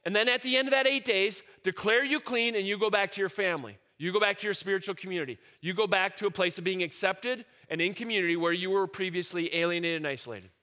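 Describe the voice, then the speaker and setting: A man preaching a sermon, animated, dropping to quiet musing and rising to shouted cries. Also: sits high, fast, few pauses. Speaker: pastor.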